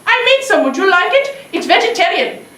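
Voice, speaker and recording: A woman doing a friendly young man with an Indian accent, high and bouncing in pitch as he asks question after question. He sounds eager and earnest. The voice comes from far off in an echoey room. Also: very animated, brisk, noisy background. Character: polite young man from India living in Canada.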